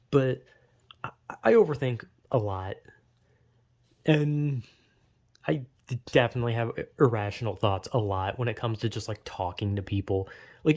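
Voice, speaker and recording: A young man talking to himself in a loose, rambling monologue. He trips over his words and restarts, swears casually, and slips into quick imitations of imagined people. His voice sits at an ordinary middle pitch. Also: a little mellow. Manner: rambling, self-interrupting, swears often, acts out imagined voices. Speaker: vlogger.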